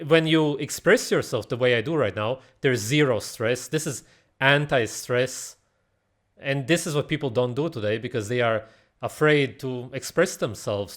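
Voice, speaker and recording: Man, reaction host, casual rant, blunt, sarcastic, mid pitch. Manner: blunt, mocking, animated, swears. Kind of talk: casual ranting commentary.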